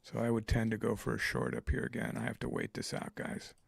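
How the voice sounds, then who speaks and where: A man giving live trading commentary. He thinks aloud in a halting way, with many fillers. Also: on the low side, very animated, vocal fry, breathy edge, dry recording. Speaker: trader streaming live.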